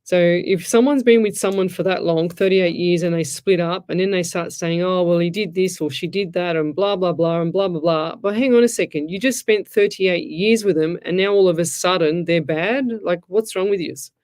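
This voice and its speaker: Speaking at a moderate pace with few pauses, this middle-aged psychic host has a fairly low, slightly mellow voice. She rambles chattily through comments on her live stream and gives her listeners blunt, frank advice directly.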